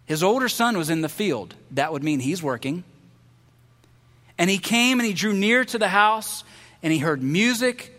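A man preaches with a high, bright, ringing voice, switching between a hushed teaching tone and lively acted-out character voices. The sermon is recorded in a church sanctuary, and a long reverb trails after his words. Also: moderate pace. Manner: animated, acts out the characters' voices. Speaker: pastor.

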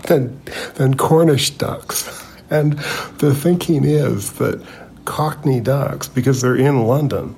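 A man co-hosts a casual podcast chat, his voice gravelly and textured. He talks hesitantly, circling back with ums and restarts. There is faint noise in the background. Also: medium pitch, takes it slowly, darkish tone. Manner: hesitant, full of fillers and restarts. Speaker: podcast co-host.

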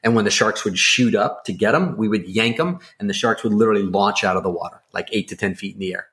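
A man with a fairly low voice tells a story on a podcast, eager and rambling, full of ums and restarts. The talk is casual and chatty, between friends. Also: quick pace. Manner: excitable, rambling, full of fillers. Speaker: podcast co-host.

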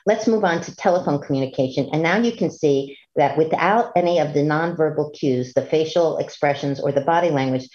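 A woman with a low, warm voice delivers a medical lecture to clinicians. She sounds earnest and instructive, now and then stumbling into a filler or restart. The recording is dull and lo-fi. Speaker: physician lecturer.

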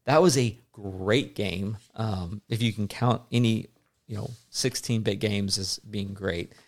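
A man's voice: lowish voice, unhurried. A man in his thirties hosting a casual podcast chat as a dad, rambling with lots of fillers. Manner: rambling, chatty, many fillers.

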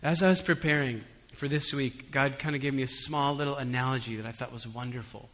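Preaching briskly in a medium-pitched voice that's bright and forward, a male pastor mixes relaxed, humorous storytelling with emphatic appeals to the room, moving from soft to forceful. His words echo with a long reverb from the church hall.

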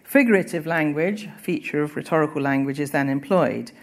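A woman's voice: low-pitched, brisk. A woman reading a classic novel passage aloud with emphasis and then analysing its rhetoric as a teacher. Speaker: literature teacher.

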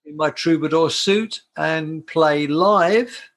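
An older man from the United Kingdom tells stories about his career as a guitarist. His voice sits slightly high for a man, and he talks in a warm, rambling way, often stopping to restart a sentence. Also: slow. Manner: warm, chatty, with frequent restarts. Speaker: guitarist and performer, interview guest. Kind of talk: casual anecdotal storytelling.

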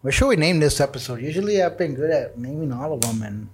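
A man's voice: on the high side, expressive, fast talker, a little mellow, a little hiss or hum. A young man hosting a podcast, telling crude party stories full of profanity and slang, laughing often. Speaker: podcast host. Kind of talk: casual storytelling chat.

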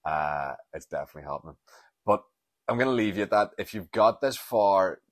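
A Northern Irish man in his forties talks alone into the mic in a deep, low voice. The sound is dry and close, with no room around it. He rambles, swears freely and makes fun of himself, like a comedian thinking aloud. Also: expressive, brisk, no echo. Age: 40s. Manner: candid, self-deprecating, sweary, rambling. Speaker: comedian podcast host. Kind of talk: rambling solo podcast monologue.

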